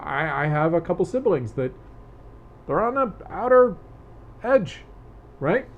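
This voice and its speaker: A man co-hosting a relationship talk show, calmly explaining ideas and affirming his co-host. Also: sits high, unhurried, phone-quality sound. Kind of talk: casual chat.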